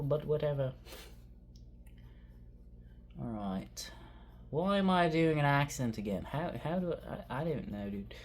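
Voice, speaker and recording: A man's voice: mid-range voice, a little hiss or hum. Rambling man thinking aloud while drawing. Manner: casual and self-mocking. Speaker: artist drawing on camera. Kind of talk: casual drawing commentary.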